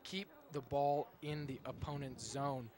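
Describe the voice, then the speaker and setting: A young man giving color commentary at a high school soccer game, talking with many hesitations and restarts. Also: fairly even intonation, a little slow, a little mellow. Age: young adult. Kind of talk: live sports commentary. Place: outdoor soccer field.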